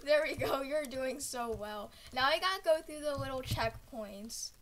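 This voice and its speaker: A woman hosts a relaxed gaming session with a high-pitched voice. She coaches her friend in a teasing, giggly way. Her tone is bright and forward. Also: normal speed. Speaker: gaming channel host. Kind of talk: casual gaming chat.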